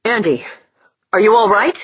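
A man's voice: sits high, normal speed, breathy edge, no echo, highs cut off, voice pushed up. A woman reading the part of a scared, blustering male captain who snaps and growls. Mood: anxious, gruff. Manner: snapping, growling.

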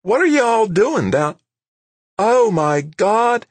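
A man voicing an anxious young woman in an audiobook, speaking high and breathless. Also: wildly swooping pitch, normal speed, fairly bright tone, husky, no room sound, heavily acted.

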